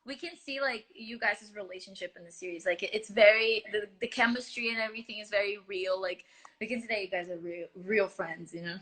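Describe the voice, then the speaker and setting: A young woman whose first language is Portuguese, hosting a live stream and chatting in a bubbly, excitable way. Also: medium pitch, a little fast. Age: young adult. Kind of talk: casual live-stream chat.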